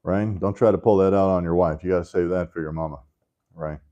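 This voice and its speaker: A man's voice: deep voice, steady tone, a little fast, warm tone, muffled recording. A man teaching a Sunday school class in a casual, conversational way, tossing in joking asides and often checking in with "right?".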